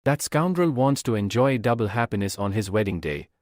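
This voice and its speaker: A bold young alchemist hero, voiced by a man, brisk and self-assured, with a lively pitch that moves around a lot. Dry, close recording with no room sound. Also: no echo, natural voice.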